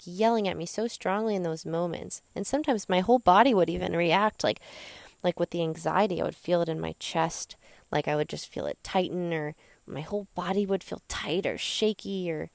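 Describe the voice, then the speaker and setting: A woman's voice: lowish voice, normal speed, creaky, a little mellow, no echo. A young woman hosting a podcast, telling her personal story in a candid, chatty way full of fillers. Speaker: podcast host.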